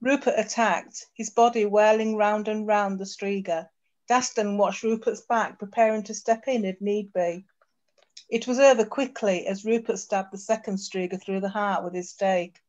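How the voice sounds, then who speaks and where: Give me a woman reading her own fiction aloud over a video call, steady and slightly dull-sounding. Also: medium pitch, normal speed. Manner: steady narration with occasional slips. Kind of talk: storybook reading. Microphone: computer mic on a video call.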